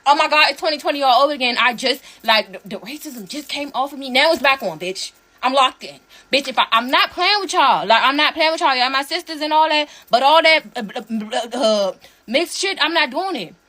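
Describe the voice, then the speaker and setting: A woman's voice: sits high, expressive, fairly quick, sharp tone. A woman delivering a heated, profane rant straight to her audience, repeating herself for emphasis.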